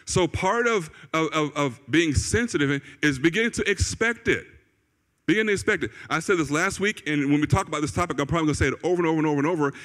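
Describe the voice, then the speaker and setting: Male pastor, fairly high voice, casual preaching style that keeps repeating key lines, long church-hall reverb. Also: fairly bright tone. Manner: conversational, repeats phrases for emphasis, asks "right?" and "okay?". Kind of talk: sermon. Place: church sanctuary.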